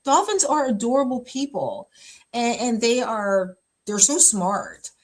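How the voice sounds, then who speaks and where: A woman's voice: a little high, very animated, a little slow. A woman pastor talking casually about relationships, chatty and emphatic, with lots of fillers and easy laughter. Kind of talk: casual relationship advice talk.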